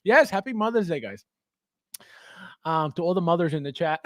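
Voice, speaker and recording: A man hosting a casual livestream, reading viewer comments and talking straight to his chat, excitable and quick to laugh. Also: high voice, no echo, clean studio sound. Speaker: livestream host and toy collector.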